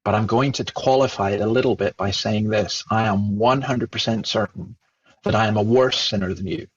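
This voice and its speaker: A man with a Scottish accent, a guest telling a lively story and acting out the dialogue he remembers. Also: lowish voice, moderate pace, breathy edge, highs cut off. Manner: animated, acts out remembered dialogue. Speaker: Christian speaker and guest. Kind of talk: storytelling in conversation.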